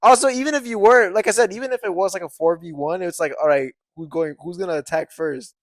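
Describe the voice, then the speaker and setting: A man's voice: high-pitched, fast talker, dry recording. A man co-hosting a podcast in casual chat, joking and laughing often as he rambles. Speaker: podcast co-host.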